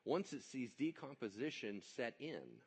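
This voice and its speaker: A man preaching a sermon, telling the story with animated energy and joking asides. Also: medium pitch, a little slow, creaky, slightly rough. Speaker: pastor.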